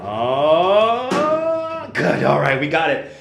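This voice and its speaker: A man live-streaming a walk through the city on a clip-on mic, chatty and playful, now and then yelling. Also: on the high side, huge pitch swings, very slow, music in the background. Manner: chatty, playful, bursts into loud yelling and sing-song calls. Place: outdoors in a city and in an elevator. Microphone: wireless clip-on mic. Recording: street noise clearly behind.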